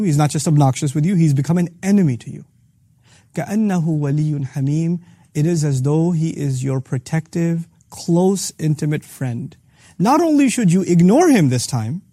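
A man teaching a lesson on the Quran, earnestly rephrasing each phrase several ways and reciting Arabic verses quickly between his English explanations. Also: a little high, warm tone, no room sound, clean studio sound. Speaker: Quran teacher hosting a series.

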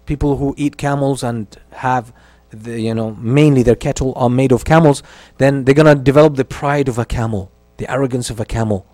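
A man's voice: medium pitch, a little fast, hardly any pauses, darkish tone, no echo. A man giving a religious history lesson. He recites Arabic lines, translates them and repeats key phrases for emphasis. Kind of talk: lecture on early Islamic history.

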